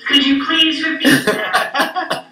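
A woman voicing a polite automated lift system in a comedy clip, prim and measured. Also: high-pitched, steady tone, bright, forceful tone, distant mic, heavily acted. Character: polite robotic female lift voice. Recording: clip replayed in an echoey hall, heard from afar.

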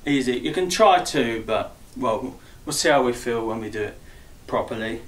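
A man's voice: mid-range voice, lively intonation, moderate pace, a little hiss or hum. Jokey man calling out dance steps. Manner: chatty, upbeat, jokey, counts beats aloud. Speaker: dance instructor. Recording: roomy echo, voice far from mic.

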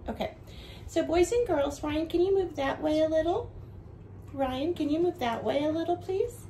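A woman teaching a home video lesson for young children, with a bright sing-song teacher voice that goes slow and clear for the kids. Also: high voice, slight background noise, rough recording.

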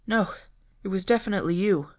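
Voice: medium pitch, moderate pace, voice pushed up, lightly acted. A reader voicing Fred, an earnest young man shaken after a scare, insisting and breathless, in a fan fiction audiobook. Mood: insistent. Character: young adult male mystery-solving leader, earnest, shaken.

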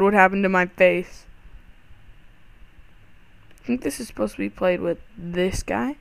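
A young man reacts to his own gameplay in an easygoing, unhurried drawl, breaking into panicky yelps and startled outbursts. His voice is close and dry, with no room sound around it. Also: sits high, creaky, no echo. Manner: excitable, panicky exclamations. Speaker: gaming channel host. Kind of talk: let's-play game commentary.

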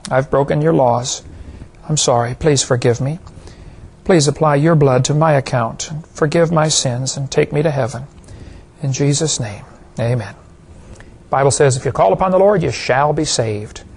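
A man's voice: medium pitch, darkish tone, slightly rough. A man preaching an evangelistic sermon to a live audience, folksy and joking with the crowd. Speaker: creationist preacher.

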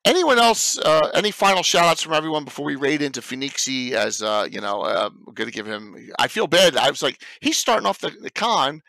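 South Jersey guy hosting a stream, gravelly and bright, lively pitch, hoarse, dry close sound. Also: a little fast, few pauses, dry recording, low-quality recording. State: hoarse from illness. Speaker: stream host. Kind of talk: casual stream chat.

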